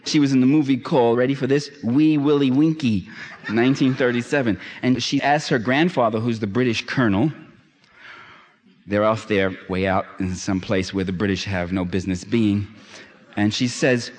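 A man's voice: mid-range voice, normal speed. A man giving a public lecture, emphatic and sardonic, building to impassioned climaxes. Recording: long hall reverb.

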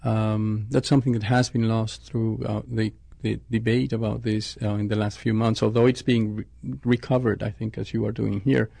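A man's voice: fairly low pitch, little pitch movement, normal speed, gravelly, hardly any pauses, mellow, dry recording. A man, a scientist, answering interview questions thoughtfully, often restarting his sentences. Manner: thoughtful, with frequent restarts and self-corrections.

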